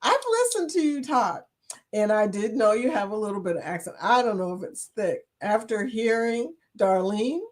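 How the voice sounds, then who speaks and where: A woman's voice: medium pitch, moderate pace, hardly any pauses, a little mellow. A woman from Chicago hosting a casual live chat, reading viewers' comments aloud and laughing often. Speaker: livestream host reading chat.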